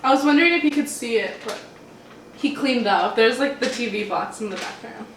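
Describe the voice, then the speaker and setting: A woman's voice: a little high, brisk, a bit bright, slight background noise. A young woman hosting a mukbang at home, chatting casually and rambling in a laid-back way while she eats. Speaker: mukbang host. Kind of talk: casual chat while eating. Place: home, eating at a table. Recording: roomy room sound from a distant mic.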